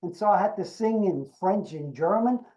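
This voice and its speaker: An older man, an actor being interviewed, tells an anecdote with animated delivery and acts out the dialogue. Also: high-pitched, moderate pace, rough recording. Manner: animated storyteller acting out quoted dialogue. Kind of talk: storytelling anecdote.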